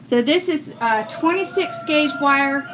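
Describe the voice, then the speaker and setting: There's slight background noise as a woman with a high, animated, somewhat bright voice speaks a little slowly. She's teaching wreath making on a casual livestream, reading out comments from viewers as she works.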